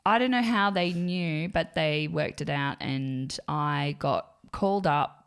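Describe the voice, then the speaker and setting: Low-voiced woman telling stories. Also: slow pace, clear, resonant tone. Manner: animated storyteller, acts out quotes. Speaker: podcast co-host. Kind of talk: casual chat.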